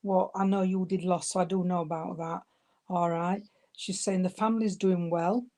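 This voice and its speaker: A woman with a dark, mellow voice, working as a medium. She passes on spirit messages and calls her listeners darling and sweetheart. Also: fairly low pitch, fairly even intonation, moderate pace. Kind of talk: giving spirit messages at an online service.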